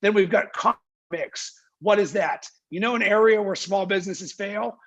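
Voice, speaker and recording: High-voiced, husky, emphatic man. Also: normal speed, fairly bright tone. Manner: emphatic, fires rhetorical questions, acts out clients' lines. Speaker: guest, marketing agency founder. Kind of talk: energetic interview talk. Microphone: video call.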